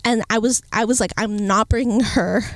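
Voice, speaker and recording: Chatty young woman with a high voice. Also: moderate pace, no room sound. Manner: chatty, full of "like" fillers, animated quoting. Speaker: vlogger. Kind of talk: casual chat. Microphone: earpiece mic.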